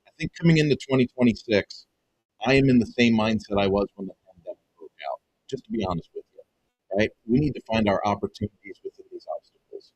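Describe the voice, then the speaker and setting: A man who runs a web design business, giving an excited, emphatic pitch to viewers and calling them folks over and over. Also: fast, slight background noise, low-quality recording. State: excited, half-yelling. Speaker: web design agency owner and coach. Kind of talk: energetic direct-to-camera pitch.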